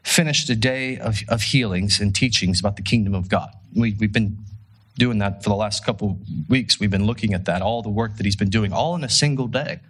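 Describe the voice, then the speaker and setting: A man preaching a casual, conversational sermon, telling a story with rhetorical questions and an animated delivery. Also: lowish voice, a little fast, breathy edge. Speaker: pastor.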